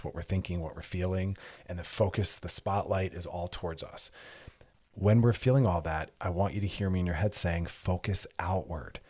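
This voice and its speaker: Husky low-voiced man giving advice. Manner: earnest, direct, coaching with repeated commands. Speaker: advice show host. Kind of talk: advice podcast monologue.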